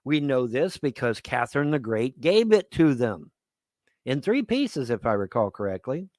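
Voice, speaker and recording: A man's voice: mid-range voice, very animated, normal speed, a little mellow, no echo. A man hosting a live-stream commentary, rambling and sarcastic with crude language, on a close desk mic. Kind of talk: casual ranting commentary.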